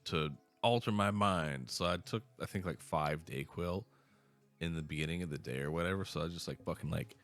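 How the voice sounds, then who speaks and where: A man's voice: sits low, fairly quick, a bit bright, soft background music. A man in his thirties, a podcast host, telling rambling, profane stories in casual chat. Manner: rambling storyteller, swears a lot.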